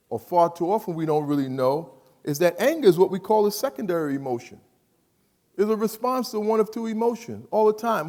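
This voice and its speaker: Man, motivational speaker, high voice, lively call-and-response delivery, long hall reverb. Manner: animated and emphatic, repeats phrases, asks the audience questions. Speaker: speaker addressing students. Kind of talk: motivational talk to a live audience. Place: large hall.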